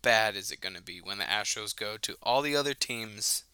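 A man's voice: lowish voice, moderate pace, sharp tone, clear, resonant tone, dry recording. A man co-hosting a casual sports podcast, brash and heated, swearing heavily. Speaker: podcast co-host.

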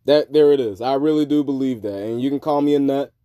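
A man hosting a podcast, talking in a rambling, profane monologue that swings between low mutters and loud outbursts. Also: fast talker, smooth, no room sound, clean studio sound. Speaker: podcast host. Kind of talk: casual monologue.

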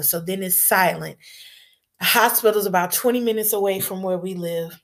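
With a mid-range voice, a woman recounts something personal to an audience in a casual, blunt style. She halts, repeats herself, and lets a bit of swearing slip in.

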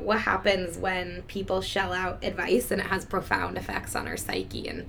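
A woman co-hosting a podcast with a hoarse voice worn down by laryngitis, yet bright and forceful in tone. She stays upbeat, with faint background noise behind her. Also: lowish voice, lively intonation, moderate pace. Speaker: podcast co-host. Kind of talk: casual podcast chat.

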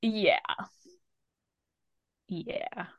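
Slow, animated woman co-host. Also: medium pitch, creaky, crowd noise. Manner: expressive, laughs easily, emphatic exclamations. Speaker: podcast co-host. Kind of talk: casual movie review chat.

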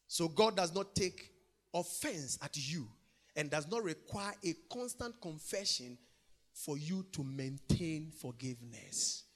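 A man preaching a sermon, emphatic and repetitive, swinging between loud declarations and quiet, intimate lines. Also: a little high. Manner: emphatic, repeats phrases, swings from loud to soft.

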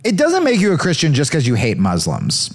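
Lively sarcastic male comedian host. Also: fairly high pitch, fairly quick. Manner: sarcastic, riffing. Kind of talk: comedic commentary on video clips.

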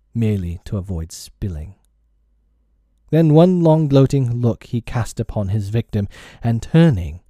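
Brief: male audiobook narrator, expressive, warm low timbre, dry close sound. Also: husky, no room sound. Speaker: audiobook reader. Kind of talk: storybook narration.

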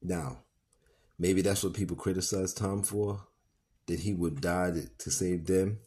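A man reading a novel aloud and adding his own commentary, with fillers, pauses and self-corrections. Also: low-pitched, fairly even intonation, dark tone. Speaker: podcast reader and commentator.

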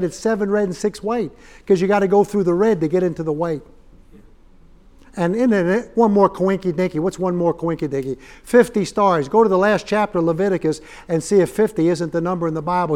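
A man preaching a fiery sermon in a church, folksy and swelling into loud emphatic bursts. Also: sits high, a little fast. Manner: folksy, rising to shouted emphasis.

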